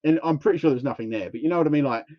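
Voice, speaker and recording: A man's voice: fairly high pitch, racing, dry recording, lo-fi sound. A man telling a long, rambling anecdote on a casual podcast, acting out what people said. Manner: rambling, animated anecdote with acted-out quotes. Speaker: podcast co-host. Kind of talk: casual storytelling chat.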